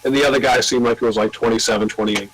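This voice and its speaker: A man's voice: mid-range voice, fairly even intonation, racing, a bit bright, low-quality recording. An older American man who owns a record label, telling long rambling anecdotes with swearing and acting out the voices of the people he quotes. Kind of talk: casual storytelling.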